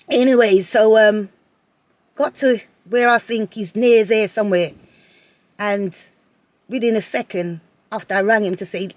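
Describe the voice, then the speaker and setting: A woman telling a personal story to her viewers in a casual, animated way, often repeating phrases and laughing. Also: a little high, no echo. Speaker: vlogger.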